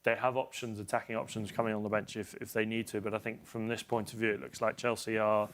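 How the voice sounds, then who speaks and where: A man's voice: lowish voice, level tone, fast, fairly bright tone, slight background noise. A man working as a football pundit on a live panel. He analyses formations while thinking aloud, often restarting his sentences and hedging as he goes.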